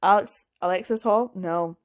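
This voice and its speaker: Woman, casual book review vlog, blunt, animated, laughs often, mid pitch. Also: moderate pace. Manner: candid, blunt and animated, with frequent laughs and filler words.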